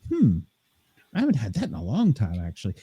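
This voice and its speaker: A man from the American South chatting easily on a podcast, pausing often with fillers. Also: mid-range voice, huge pitch swings, mellow, breathy edge. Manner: easygoing, halting, lots of fillers. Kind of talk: casual podcast chat.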